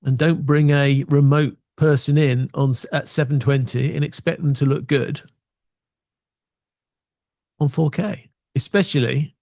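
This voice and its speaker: A man's voice: on the high side, steady tone, measured pace, darkish tone, no echo. A man giving casual, opinionated tech talk from his small home studio, full of wry asides. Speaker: video tech presenter.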